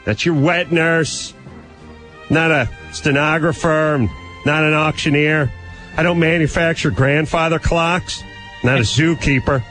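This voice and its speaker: A swaggering, self-important radio advice host, as a man puts him on, blunt and boastful, reeling off long repetitive lists of what he is not. His voice sits a touch high for a man, with faint music playing behind. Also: fairly even intonation, a little slow, fairly bright tone. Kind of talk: comedy character bit with callers.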